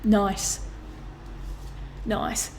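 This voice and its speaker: Speaking very slowly, a woman gives her viewers a tarot reading with slight noise in the background. Her astrology monologue is earnest and full of feeling, marked by repeated phrases and casual swearing.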